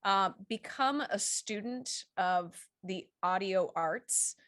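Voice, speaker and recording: A woman with a Midwestern American accent, a film acting coach, giving advice in a casual panel chat with an animated, instructive manner. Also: medium pitch, slow, no echo, clean studio sound.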